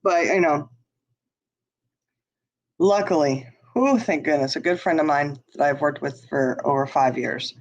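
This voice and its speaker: A woman's voice: low-pitched, a little slow, long pauses. Woman, chatty storyteller, lots of laughs, dull lo-fi sound. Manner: chatty, laughs often, lots of "you know". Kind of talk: casual chat, storytelling.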